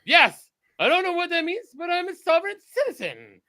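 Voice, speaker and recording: A man doing a boastful blowhard who squares up to a traffic cop, pitched well above his usual voice and pushed louder. He blusters and brags, with a bright, cutting edge on every line. The bit is a comic podcast impression. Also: very animated, a little fast, full character voice. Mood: smug. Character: brash cocky man challenging a cop to wrestle.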